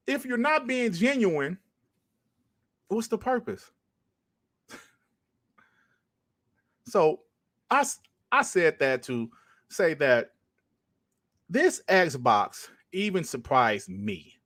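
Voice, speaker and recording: A man hosts a podcast, ranting casually and emphatically, swearing and repeating points for stress. His high-pitched, sing-song voice draws out words with long pauses and a slightly bright tone, in a dry recording with clean studio sound.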